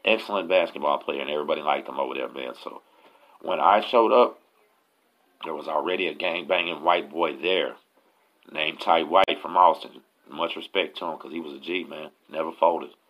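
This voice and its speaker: Texan male host, very low gravelly voice, slangy profane storyteller, lo-fi audio. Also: normal speed. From Texas, USA. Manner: profane, slangy, street talk. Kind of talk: casual storytelling.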